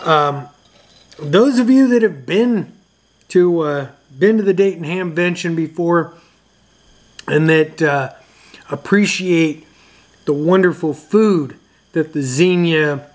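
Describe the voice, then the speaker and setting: A man hosting a ham radio video, talking casually to camera with a loose, chatty manner and frequent pauses and uhs. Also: a little high.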